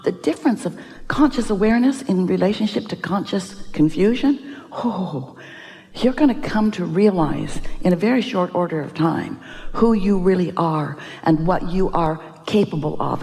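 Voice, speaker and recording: A woman giving an inspirational seminar talk, speaking as "we" with emphatic, drawn-out "oh"s and sighs. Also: fairly low pitch, animated, warm tone, long reverb tail. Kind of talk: live motivational seminar talk.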